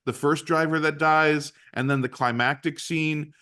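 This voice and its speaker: A man's voice: fairly high pitch, fairly even intonation, unhurried, bright, forceful tone, clear, resonant tone. A man co-hosting a casual movie podcast, talking enthusiastically and rambling with frequent restarts. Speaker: podcast co-host.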